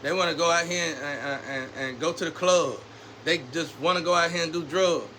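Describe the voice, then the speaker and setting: A man's voice: a little high, brisk, pushed and bright, a little hiss or hum. A man talking straight to camera in a loose, rambling monologue full of street slang, swinging from preachy scolding to personal storytelling.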